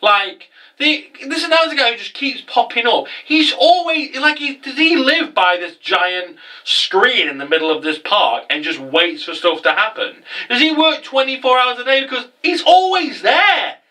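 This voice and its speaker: A man's voice: extremely high pitch, big pitch swings, unhurried, few pauses, pushed and bright, distant mic, rough recording. Chatty, sweary man recapping. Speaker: anime episode reviewer. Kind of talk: casual episode recap.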